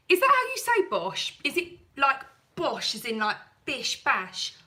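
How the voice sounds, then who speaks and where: A woman's voice: high-pitched, huge pitch swings, a little slow, hardly any pauses, pushed and bright, low-quality recording. A woman hosting a cleaning channel, chatting through a live stream with viewers in a rambling, self-deprecating way.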